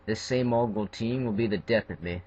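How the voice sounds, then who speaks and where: A man's voice: lowish voice, moderate pace, darkish tone, husky, poor audio. Man doing a grumbling old steam engine. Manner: grumbling, stubborn. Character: grumpy old male steam tank engine.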